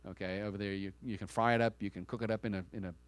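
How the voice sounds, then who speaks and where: A man's voice: fairly low pitch, fairly even intonation, rapid-fire, clean tone, no room sound. Male pastor, conversational sermon delivery, punchy emphasis, dry room. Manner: conversational and emphatic, with rhetorical questions and frequent restarts.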